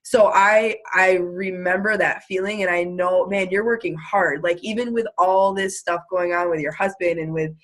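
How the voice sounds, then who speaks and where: A woman's voice: lowish voice, fairly even intonation, normal speed, few pauses. A woman hosting a casual video call, effusive and gushing, full of "like" and filler words. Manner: effusive, gushing, lots of "like" and laughter. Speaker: host.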